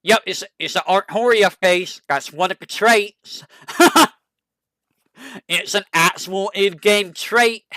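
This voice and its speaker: A VTuber streamer chatting casually, musing aloud, asking itself questions and reading character bios haltingly. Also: mid-range voice, bright, forceful tone, no echo. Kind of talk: casual stream chat, browsing game characters.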